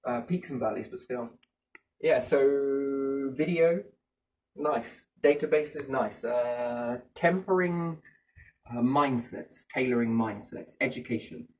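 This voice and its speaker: A man's voice: mid-range voice, takes it slowly. A man musing in a casual chat, rambling from thought to thought and often asking rhetorical questions. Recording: voice a bit far from the mic.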